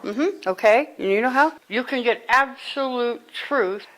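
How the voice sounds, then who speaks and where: Animated woman giving a spiritual talk. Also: on the high side, measured pace, rough recording. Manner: animated, conversational, storytelling with sudden exclamations. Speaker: spiritual teacher. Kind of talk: spiritual talk to a live group.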